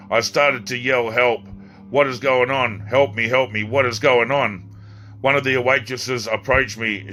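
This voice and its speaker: A man narrating his own audiobook in a halting, unpolished way, sometimes repeating or correcting himself. His voice is bright and forward, with faint music playing under it. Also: mid-range voice. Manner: halting reading with restarts and slips. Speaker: author reading his own novel.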